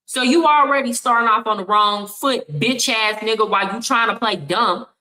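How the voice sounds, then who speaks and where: Bright-voiced woman, blunt and profane. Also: on the high side, moderate pace, poor audio. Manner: blunt, confrontational, heavy swearing. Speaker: reaction video host. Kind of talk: angry reaction commentary.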